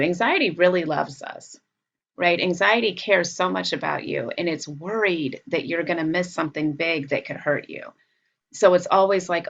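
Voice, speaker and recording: Low gravelly woman, psychologist guest, calm and patient, kinda muffled lo-fi audio. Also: normal speed. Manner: calm, patient, explains with everyday examples. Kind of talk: casual conversational explanation.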